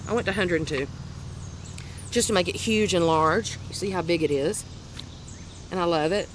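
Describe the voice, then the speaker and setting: A woman with a Southern US accent hosting a crochet video podcast, chatting casually and rambling as she shows her finished projects, quick to laugh at herself. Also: on the low side, background noise. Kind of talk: casual show-and-tell chat.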